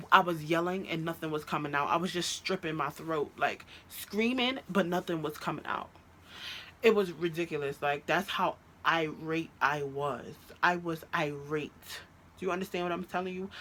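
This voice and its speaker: A woman telling a story about her ex in a storytime vlog, animated and profane, recorded on a phone. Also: on the low side, slight background noise. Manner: animated, profane, recounts a fight with heated quoted outbursts. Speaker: vlogger telling a personal story.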